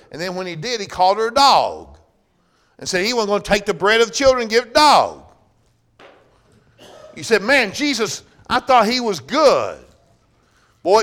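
A man preaching a sermon, swinging from loud bursts down to hushed, low-voiced passages.

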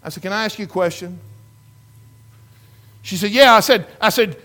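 A man's voice: high voice, moderate pace, fairly bright tone. A man preaching a sermon as pastor, telling a story with emphatic, repetitive delivery. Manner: emphatic storytelling preacher, repeats words, rises and falls in intensity.

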